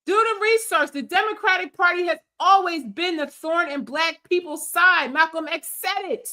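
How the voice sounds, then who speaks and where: A woman's voice: extremely high pitch, normal speed, bright, forceful tone. A woman streamer giving heated, scolding political commentary in an emphatic rant. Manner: angry, scolding, emphatic rants.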